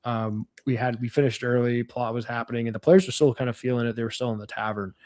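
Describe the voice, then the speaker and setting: A man's voice: medium pitch, fairly even intonation, fast, darkish tone, no room sound. A man talking casually on a podcast panel, rambling with lots of fillers and restarts.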